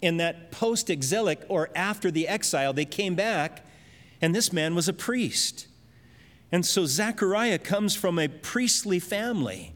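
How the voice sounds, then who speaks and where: High-voiced man preaching in a hall. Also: expressive, measured pace, a bit bright. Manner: earnest, explains verses with everyday examples. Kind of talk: expository sermon.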